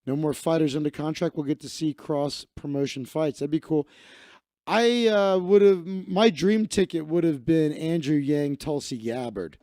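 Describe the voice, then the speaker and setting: A man's voice: on the high side, normal speed, mellow, no echo, clean studio sound. A man hosting a live stream, rambling and ranting to himself while he browses, swearing freely. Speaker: livestream host.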